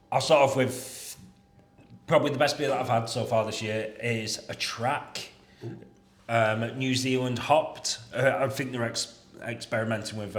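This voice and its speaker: Man, podcast guest, gushing and crude, mid pitch, casual chat.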